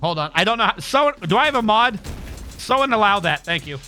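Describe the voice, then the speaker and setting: A man with a high, bright voice rants through a casual gaming livestream, swearing constantly and tripping over his words in quick restarts. Soft music plays faintly behind him. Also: big pitch swings. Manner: profane, stammering, heated ranting. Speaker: streamer.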